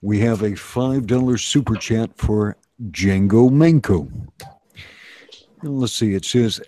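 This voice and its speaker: A man's voice: lowish voice, takes it slowly, mellow, no echo. A man co-hosting a livestream, reading fan messages aloud in a laid-back, casual way. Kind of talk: casual chat.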